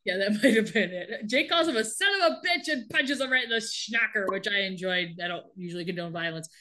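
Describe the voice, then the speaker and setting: A podcast co-host recaps a TV episode in casual conversation, wry and laughing as she quotes the characters' lines in quick put-on voices. Her mid-range voice sounds pushed and bright.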